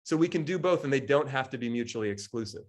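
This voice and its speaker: Animated man coaching a group. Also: medium pitch, quick pace. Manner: lively, acts out quoted voices, laughs often. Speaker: coach and speaker. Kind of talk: live coaching talk to a group.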